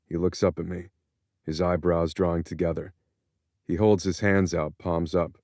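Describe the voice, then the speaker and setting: A man narrating a first-person audiobook in a measured, introspective way, close to a studio mic. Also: deep voice, flat delivery, darkish tone, no echo.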